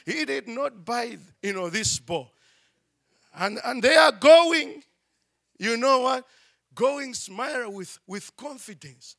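A preacher telling a story in an animated manner, with frequent "you know" and "I mean". His voice is high and gravelly with a bright, forceful tone. He takes his time and speaks slowly. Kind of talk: sermon storytelling.

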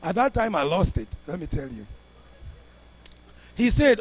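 A pastor preaching in a high, light voice for a man. He tells his story with lots of life, jumping from loud and high to soft and low as he acts out each person. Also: normal speed, long pauses, breathy edge. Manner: animated, acts out the people in his story with big swings in pitch and loudness. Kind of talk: storytelling sermon.

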